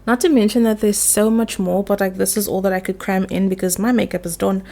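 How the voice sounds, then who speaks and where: A woman's voice: medium pitch, steady tone, fairly quick, creaky, dark tone. Chatty young woman vlogging game lore. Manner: chatty, playful, swears casually. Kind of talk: casual lore chat while doing makeup.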